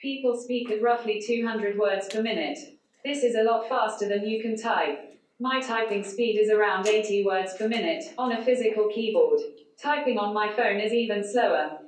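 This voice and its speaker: At a large conference hall, a conference speaker relies on a speech synthesizer for her prepared talk; the resulting voice is synthetic and flat, without any intonation, at medium pitch and normal speed. Echo fills the hall and the voice sounds distant.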